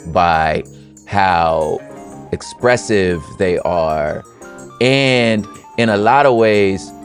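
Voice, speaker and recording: A man hosting a podcast, giving casual, expressive commentary in a conversational way. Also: on the low side. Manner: expressive and conversational, slips into playful quoted voices. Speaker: podcast host.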